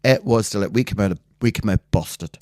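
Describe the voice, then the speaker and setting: A Northern Irish man sits in a dead, dry studio, chatting with a co-host. His voice sits low, and he tells his stories with gusto. He keeps jumping into the voices of the people he quotes. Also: normal speed, no echo. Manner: animated storyteller acting out voices of people he quotes. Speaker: podcast co-host. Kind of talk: casual chat, storytelling.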